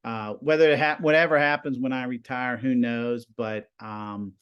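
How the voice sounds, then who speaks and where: Chatty middle-aged teacher telling stories. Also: male voice, medium pitch, moderate pace, smooth, muffled recording. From Pennsylvania, US. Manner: animated storyteller, many fillers. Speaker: TV production teacher. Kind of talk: casual interview chat.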